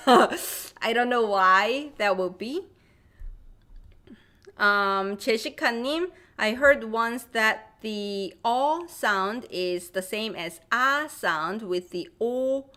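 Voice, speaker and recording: A woman's voice: mid-range voice, expressive, slow, long pauses, bright, forceful tone. A woman with a Korean accent teaching Korean vowels in a live online class, reading viewer comments aloud and drilling each sound by repeating it. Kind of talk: live-streamed language lesson.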